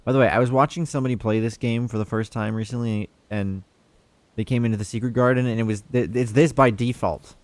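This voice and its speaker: A man's voice: medium pitch, fairly even intonation, fast talker, dry recording. A man streaming a puzzle game, chatting in a laid-back, rambling, self-mocking way. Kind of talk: casual gameplay commentary.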